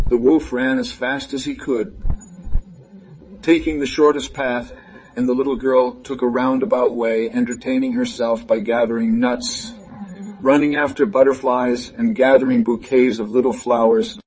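A man narrating a fairy tale aloud in a calm, even storytelling manner. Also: mid-range voice, moderate pace, rough recording.

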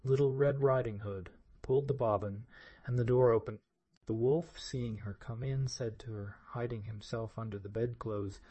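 A man narrates a fairy tale in a measured, expressive way. His voice is dark and mellow, recorded close and dry with no room sound. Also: medium pitch, slightly rough, dry recording. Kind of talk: storybook reading.

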